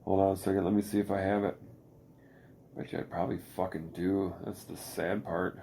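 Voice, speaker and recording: A middle-aged man chatting casually as a podcast co-host, swearing a lot and talking in animated bursts. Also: brisk, vocal fry, slight background noise. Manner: profane, animated, bursts into high falsetto singing. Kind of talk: casual chat.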